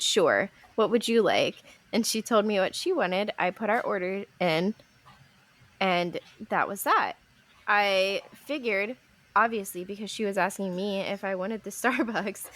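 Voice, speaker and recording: A woman's voice: medium pitch, a little slow. A young woman co-hosting a podcast, telling stories in a casual chat, acting out quotes with a laugh. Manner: animated storytelling, acting out quotes, laughs often. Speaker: podcast co-host.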